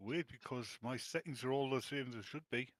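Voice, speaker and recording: A man's voice: mid-range voice, fairly quick, a little hiss or hum. A man joining a stream over voice chat on a cheap headset mic, talking in a mumbled, offhand way.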